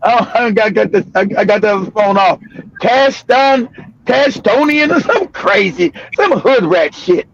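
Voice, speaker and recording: An older man from California, hosting a live stream and telling a story loudly with profanity, laughter and bursts of shouting. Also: high-pitched, animated, unhurried, a little hiss or hum. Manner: loud, profane, laughing, often breaks into shouting. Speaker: livestream show host. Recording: dull lo-fi stream audio.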